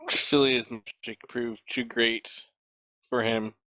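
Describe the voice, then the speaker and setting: Halting man playing a tabletop game. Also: medium pitch, little pitch movement, pushed and bright, no echo, low-quality recording. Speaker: player. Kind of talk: casual tabletop play.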